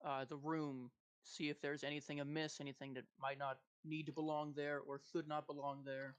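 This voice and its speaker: A man plays a tabletop game online, laid-back and plain-spoken. His voice sits a little high. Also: flat delivery, normal speed, smooth, highs cut off. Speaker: player. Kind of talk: casual game chat.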